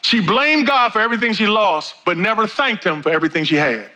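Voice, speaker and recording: A middle-aged male pastor preaching a sermon, with big swings in pitch and pace. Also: lively intonation, a little fast, bright, forceful tone, rough recording.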